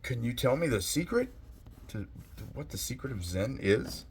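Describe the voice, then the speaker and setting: A man's voice: mid-range voice, big pitch swings, moderate pace, slight background noise, natural voice. A man voicing an eager, impatient young male Zen student in a spoken parable. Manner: pushy, impatient asking.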